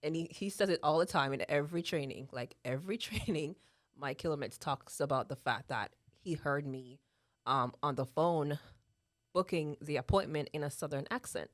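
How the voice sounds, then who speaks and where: A woman's voice: sits low, normal speed, no echo, clean studio sound. A woman in her thirties from Jamaica with a Jamaican accent, talking earnestly in a casual chat and often asking "right?". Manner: earnest, repeats herself, laughs often, tags "right?". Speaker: guest speaker. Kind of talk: casual talk.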